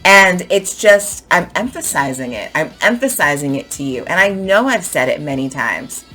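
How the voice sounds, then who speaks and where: Low voiced woman teaching english, real emphatic, faint music under it. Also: moderate pace. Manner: animated, emphatic, repeats phrases to model intonation. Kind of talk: explaining to camera in a lesson.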